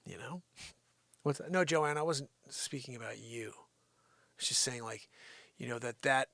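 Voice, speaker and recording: A man hosting a live comedy stream, rambling and teasing an unseen sidekick with a steady stream of "you know.". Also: medium pitch, measured pace, gravelly, no room sound. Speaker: livestream comedy host. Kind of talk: improvised comedic rant.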